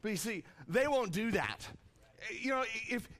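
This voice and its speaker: Animated man preaching a sermon. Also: a little slow. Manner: animated, acts out quotes with jumps in pitch; restarts and repeats words often. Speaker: pastor.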